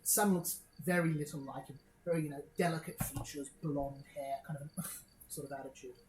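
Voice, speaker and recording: A woman's voice: low-pitched, fairly even intonation, a little fast, a little mellow, reverberant, slight background noise, poor audio. A woman narrating a tabletop game as game master, describing scenes with many hesitant fillers.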